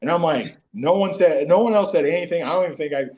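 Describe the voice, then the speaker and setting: A man's voice: fast talker, slight background noise. Man telling locker-room stories. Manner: animated anecdotes, jumps into high-pitched impressions of teammates. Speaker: podcast guest, former pro football player. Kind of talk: casual storytelling interview.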